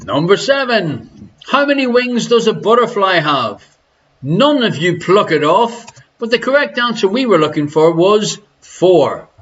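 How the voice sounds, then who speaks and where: This Irish quiz host's voice sits high, sing-song and a little slow, with a fairly bright tone on a muffled recording. Broadcasting live from his living room, he reads questions and cracks crude, teasing jokes.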